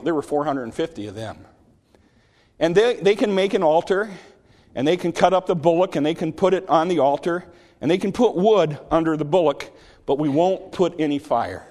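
A man preaching a sermon, retelling a story with animated energy and frequent restarts. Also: on the high side. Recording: long hall reverb.

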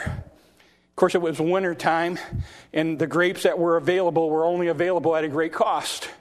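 Male preacher, sermon storyteller; higher voice, halting restarts, rising to shouts. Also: level tone. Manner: repeats words in restarts, swells loud at high points.

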